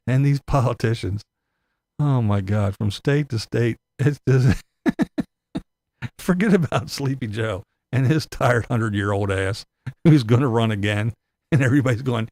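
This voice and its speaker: A man's voice: mid-range voice, animated, a little slow, pauses often, darkish tone, no room sound. A man ranting in sarcastic, profane commentary, laughing often as he talks. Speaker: vlog commentator.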